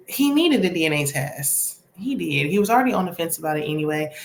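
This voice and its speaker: A woman's voice: fairly low pitch, expressive, moderate pace, roomy sound, a little hiss or hum. A woman casually recapping a TV episode in a chatty, sassy, opinionated way. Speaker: TV recap vlogger.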